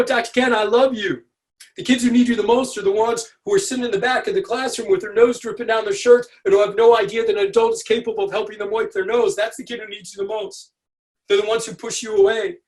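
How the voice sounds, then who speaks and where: A man giving an animated lecture over a video call, often checking in with "right?" and acting out quotes. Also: on the high side. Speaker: speaker at a community webinar.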